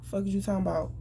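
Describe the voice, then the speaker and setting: A woman venting in an angry, profane, rapid rant. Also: medium pitch, noisy background. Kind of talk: emotional venting monologue.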